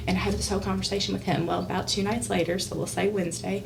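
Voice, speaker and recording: Woman guest, chatty and animated storyteller, mid-range voice, sits a bit off the mic with light hiss. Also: medium pitch, very fast, vocal fry, few pauses, recorded from a distance. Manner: animated, acts out quoted dialogue, laughs often; emotional, close to tears at times. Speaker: podcast guest. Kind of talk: casual storytelling.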